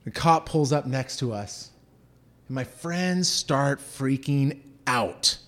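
A man's voice: medium pitch, slow. A man from Southern California telling a personal story, acting out the voices of the people in it. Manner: animated, acts out quoted voices.

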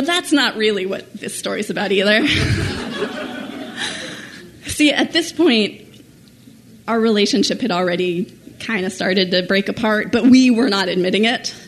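Animated self-mocking woman storyteller. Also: medium pitch, slight background noise. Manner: animated, self-mocking, laughs while telling. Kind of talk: personal story told to an audience.

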